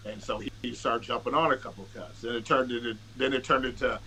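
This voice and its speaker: Guesting on a podcast, this man spins rambling, profane stories in a bright, forward voice of medium pitch and steady tone, talking fast. He keeps restarting sentences, drops into quoted dialogue, and leans on fillers in a casual, unpolished way, with faint background hiss on poor audio.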